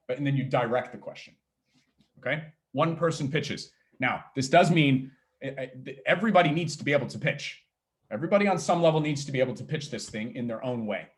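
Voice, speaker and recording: A man coaching founders on pitching, talking fast and energetically, checking in constantly with "okay?" and "all right?". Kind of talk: workshop talk on pitching.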